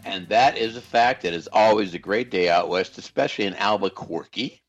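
A low-voiced man hosting talk radio in a folksy, chatty way. The sound is slightly dull and lo-fi. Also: fairly quick, faint music behind. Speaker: radio host.

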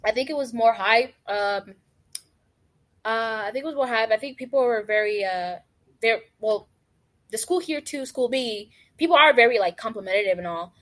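A woman's voice: fairly high pitch, normal speed, a bit bright. A teenage girl from Uganda answering interview questions, hesitant and full of filler words. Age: teens. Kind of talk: casual interview.

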